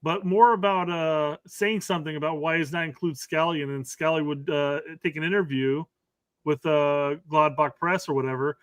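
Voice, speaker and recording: Bright, dry-sounding podcast co-host, a man. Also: on the high side, steady tone, normal speed, clean tone, no echo. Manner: profane, laughing, loose. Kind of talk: casual chat.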